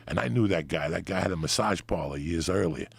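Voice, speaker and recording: A middle-aged man telling a raunchy, profane comic story in animated fashion. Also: sits low, brisk, creaky, husky, dry recording. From New Jersey, USA. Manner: profane, animated, acts out voices. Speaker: podcast guest storyteller.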